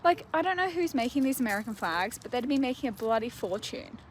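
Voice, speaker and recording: An Australian woman rants in a chatty, exasperated way, her somewhat high voice bouncing up and down. Faint noise runs behind her. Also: expressive, fast talker. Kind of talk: casual video rant.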